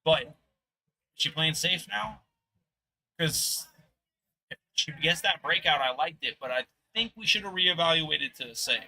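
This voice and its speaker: Casting: upbeat male pool commentator, slightly high, very bright, rambling and animated. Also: a little slow, long pauses, a little hiss or hum. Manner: animated, rambling, motivational ranting. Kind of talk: live stream commentary. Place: sports bar. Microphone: booth microphone.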